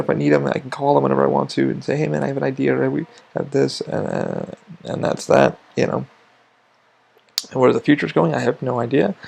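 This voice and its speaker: A podcast host rambles through a casual monologue at a rapid clip. His voice is heavily gravelly with a husky, raspy edge. He swears freely and keeps restarting his sentences. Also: mid-range voice, a little mellow.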